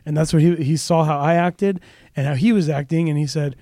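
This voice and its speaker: A male pastor telling a personal story in a casual podcast chat, lively when he acts out what people said. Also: a little high, a little fast, no room sound, studio quality. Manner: animated storyteller, raises voice for quoted dialogue.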